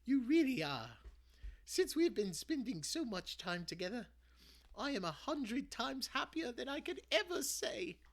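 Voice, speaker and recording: A man voicing a warm, cheeky elderly grandmother in a storybook read-aloud, mostly in a high whisper. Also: very animated, a little slow, full character voice. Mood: tender.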